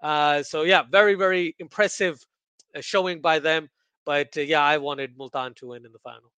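Sarcastic guy guesting on a cricket podcast, high bright voice, dry sound. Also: fairly even intonation, normal speed, smooth, no echo. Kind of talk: casual cricket podcast chat.

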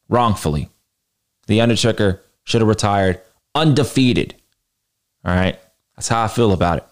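Young guy on a podcast, lowish voice, blunt and slangy, talks straight at the listeners. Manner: blunt and animated, slangy, mocks critics in a higher voice. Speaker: podcast host. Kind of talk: casual podcast ranking rant.

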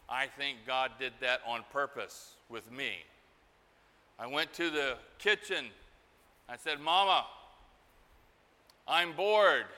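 A middle-aged man preaching a sermon, telling a story slowly and acting out the voices in it. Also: mid-range voice, sharp tone. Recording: hall reverb.

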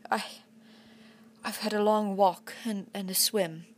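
Woman voicing exhausted English teenage boy, husky, hoarse, hushed, determined, storybook reading. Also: mid-range voice, steady tone, takes it slowly, slight background noise, lightly acted. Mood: weak, hoarse. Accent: put-on English.

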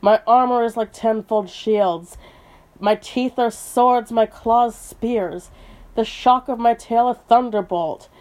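A woman's voice: a little high, takes it slowly, darkish tone. A woman reading aloud the lines of a boastful, menacing old male dragon from a storybook. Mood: gloating menace. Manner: read aloud from a book.

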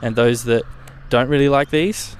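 A man's voice: mid-range voice, fairly even intonation, normal speed, a little hiss or hum. A young man hosting his own podcast, chatting casually in a rambling way and swearing now and then. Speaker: podcast host. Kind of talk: casual solo podcast chat.

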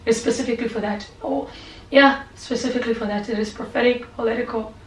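A woman pastor preaching and praying, impassioned and repetitive, sometimes falling to a soft whisper. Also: on the high side, steady tone, fast talker. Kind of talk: sermon and prayer. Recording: echoey room, voice from a distance, faint background hum.

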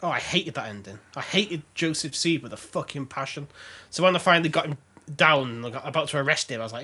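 A man's voice: fairly high pitch, lively intonation, fast, sharp tone, breathy edge. A man hosting a podcast in casual chat, laughing often and swearing freely with a sarcastic edge. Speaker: podcast host.

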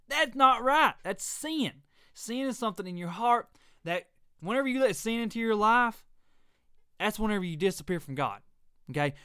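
A middle-aged man rants through his faith podcast with an emphatic, preachy push, hammering the same points again and again. His voice sits high and comes out smooth and clear. The sound is dry and close, with no room around it. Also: pushed and bright, dry recording. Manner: preachy, emphatic, repeats himself. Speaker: podcast host. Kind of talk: ranting faith podcast monologue.

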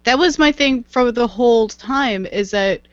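A woman's voice: a little high, a little slow, no echo. Emphatic woman podcast host, dull dry sound. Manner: emphatic, repeats herself. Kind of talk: casual chat.

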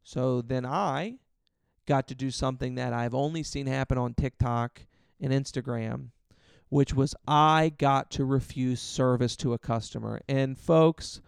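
A male stand-up comedian, a podcast guest, retelling a story in an animated, indignant way and leaning on "like" as a filler. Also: medium pitch, unhurried, vocal fry, clear, resonant tone, no echo, clean studio sound. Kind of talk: conversational storytelling.

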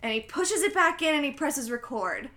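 A woman's voice: sits high, expressive, normal speed, pushed and bright. A woman casually recapping a film's scenes, chatting with many fillers.

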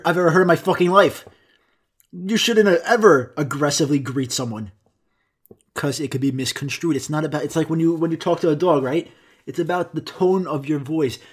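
A man's voice: a little high, brisk. A young man with an American accent and a Greek-speaking childhood, telling rambling, profane stories to his viewers in a casual vlog. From United States. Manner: rambling, profane, self-mocking. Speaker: vlogger. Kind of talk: casual storytelling monologue.

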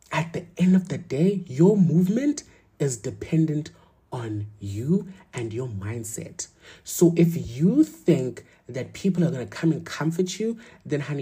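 Husky, emphatic motivational woman. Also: low-pitched, dark tone. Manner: blunt, emphatic, repeats lines for effect, swears. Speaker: motivational vlogger. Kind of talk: motivational talk.

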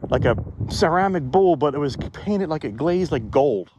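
A vlogger with a slightly high, animated, dark-toned voice talks at a moderate pace, with a little background noise behind him. He holds his phone as he walks through a cemetery, musing in a rambling, conversational reflection.

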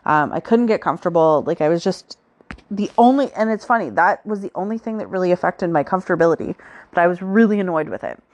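A woman's voice: lowish voice, expressive, fast, darkish tone. A woman hosting a podcast, telling her own story in a chatty, casual way with frequent fillers. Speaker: podcast host.

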